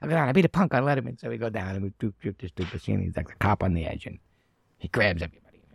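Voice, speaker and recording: A man's voice: lowish voice, rapid-fire, gravelly, husky, no room sound, clean studio sound. A middle-aged actor telling anecdotes in a casual chat, acting out the people he quotes. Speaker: actor guest.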